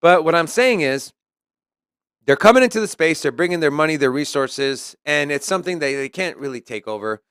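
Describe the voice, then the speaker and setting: Smooth-voiced man co-hosting crypto news. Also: fairly high pitch, lively intonation, a little fast, a bit bright, no room sound, clean studio sound. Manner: reads news articles aloud and comments on them. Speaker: co-host. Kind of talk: casual crypto news chat.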